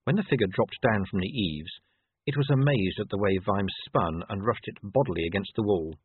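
Husky man narrating an audiobook. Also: fairly low pitch, no room sound. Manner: measured, expressive storytelling. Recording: tinny phone-like dry sound.

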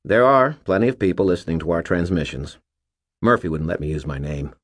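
A man's voice: deep voice, brisk. A man voicing a skinny nerdy young man who talks earnestly and eagerly.

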